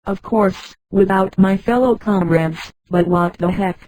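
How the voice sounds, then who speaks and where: A woman reading the lines of a grown man stranded on another planet, in a flat, even synthetic voice. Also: mid-range voice, measured pace, no echo, natural voice, low-quality recording.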